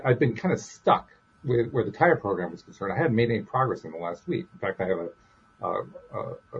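A man with a very raspy, breathy voice speaks openly and candidly as a podcast host. His audio sounds dull and lo-fi. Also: lowish voice, a little mellow. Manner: open, confessional, many restarts. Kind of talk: casual chat.

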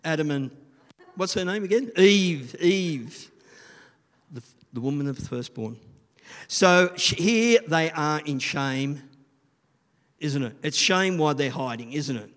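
A middle-aged man gives an informal sermon in a chatty, rambling way, often checking in with his listeners. His voice sits a little higher than most men's. A long echo hangs in the large room around him. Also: expressive, slow pace, pauses often, fairly bright tone. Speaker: children's church leader.

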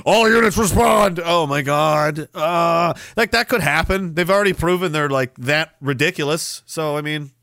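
A man's voice: on the high side, moderate pace, gravelly, few pauses, pushed and bright, no echo, studio quality. A man from Canada hosting a livestream podcast, ranting sarcastically with frequent laughter. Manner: sarcastic, jokey, laughs often. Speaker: podcast host. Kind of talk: casual livestream rant.

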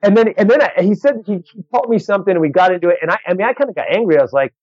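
A man working as a stand-up comedian, telling a story in a casual, animated way, restarting phrases and acting out the people in it. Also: high-pitched. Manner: animated, quick restarts, acts out other voices. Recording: dull lo-fi dry recording.

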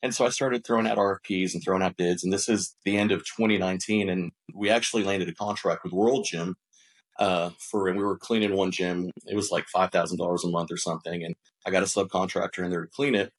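A man with a slightly low-pitched voice tells the story of building his business as a podcast guest. He is animated and often acts out conversations. He speaks loosely, with frequent restarts and repeated words. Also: quick pace. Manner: animated, acts out quoted dialogue.

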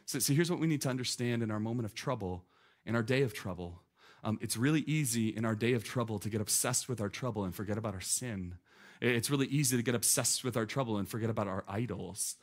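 A man in his thirties preaching a sermon, animated and conversational, with many "like" asides. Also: medium pitch, quick pace. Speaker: pastor.

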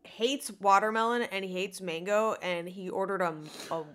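A woman's voice: medium pitch, normal speed, fairly bright tone. A woman co-hosting a casual comedy podcast, teasing and sarcastic in her banter. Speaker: podcast co-host.

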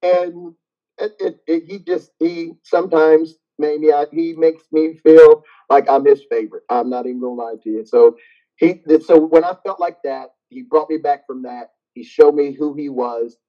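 A man's voice: on the high side, fairly even intonation, normal speed. A middle-aged man, a gym owner, telling stories animatedly as a guest in a casual interview and laughing often. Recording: dull lo-fi sound.

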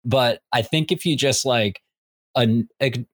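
A man's voice: medium pitch, slow pace, no room sound, studio quality. A man co-hosting a casual comics podcast, rambling and full of restarts. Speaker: podcast co-host. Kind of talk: casual chat about comics.

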